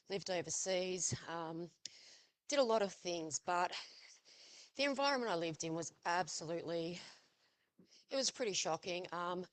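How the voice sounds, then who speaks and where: A woman, a guest speaker sharing a personal testimony at a live event, halting with many ums and pauses and a little out of breath. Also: on the low side. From Australia.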